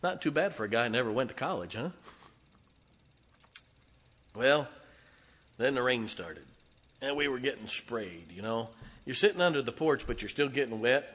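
A man's voice: mid-range voice, animated, moderate pace, pauses often, a bit bright, in a large hall. A middle-aged man from northern Ohio telling a personal story in a folksy, conversational way, acting out the voices in it. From northern Ohio, near Lake Erie. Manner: folksy, conversational, acts out quoted dialogue.

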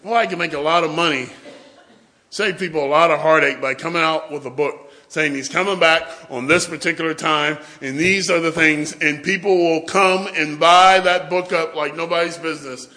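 A man's voice: on the high side, steady tone, normal speed, sharp tone. A man preaching a sermon in church, telling humorous stories and acting out family scenes. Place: church with a responding congregation.

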